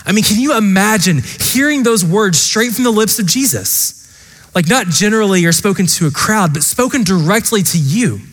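Impassioned high-voiced male preacher. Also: animated, moderate pace, a bit bright, in a large hall. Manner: earnest, impassioned preaching with repeated direct address. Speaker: pastor. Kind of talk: sermon.

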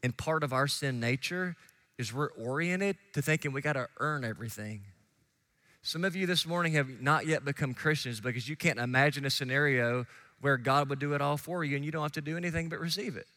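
A man preaching a sermon as pastor, swinging from hushed asides to shouted emphasis and quickly acting out the voices of listeners. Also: fairly high pitch. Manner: acts out listeners and biblical figures in quick quoted asides.

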